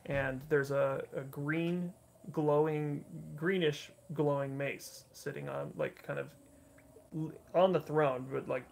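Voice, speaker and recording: A man running a tabletop game as dungeon master, describing scenes with many pauses and fillers. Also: a little high, fairly even intonation, vocal fry, darkish tone, slight background noise. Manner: halting, filler-heavy descriptive narration. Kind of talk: narrating a tabletop game livestream.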